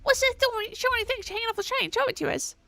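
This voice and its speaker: A woman voicing a brash, fearsome village kid in a put-on Southern accent, talking in a loud, bossy, threatening way. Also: very high voice, lively intonation, fast talker, vocal fry, no echo, pitched above the performer's own voice, full character voice. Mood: demanding.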